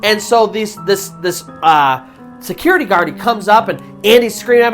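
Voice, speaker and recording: A woman host narrating a horror story in a casual, conversational way, with pauses for suspense. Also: mid-range voice, expressive, soft background music. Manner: conversational, with fillers and restarts, dramatic pauses.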